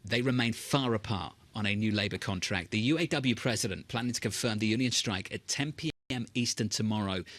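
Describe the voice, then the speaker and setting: A man reads financial headlines in a brisk studio delivery, his voice sitting on the low side. He keeps firing probing questions at his co-hosts, and the sound is dry and close with no room around it. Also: fairly bright tone, dry recording. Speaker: news anchor. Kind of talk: financial news broadcast. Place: broadcast studio.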